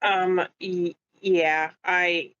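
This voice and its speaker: A woman's voice: fairly low pitch, level tone, drawn-out words, fairly bright tone, clean tone, muffled recording. A woman playing a tabletop game, speaking hesitantly. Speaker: player. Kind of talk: casual tabletop play.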